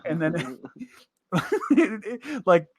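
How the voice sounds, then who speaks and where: A man chatting casually on a podcast with a lively voice that swings high and low and keeps breaking into laughter. He sounds a little higher than most men, and the recording is dry and close on a headset mic. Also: drawn-out words, no room sound. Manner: laughs often while telling stories. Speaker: podcast co-host. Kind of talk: casual chat, storytelling. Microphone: headset mic with big headphones.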